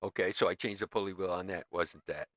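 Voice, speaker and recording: A man's voice: low-pitched, steady tone, fast talker, a bit bright, no room sound. A man hosting a livestream, chatting casually to his viewers in a loose, rambling way. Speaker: livestream host.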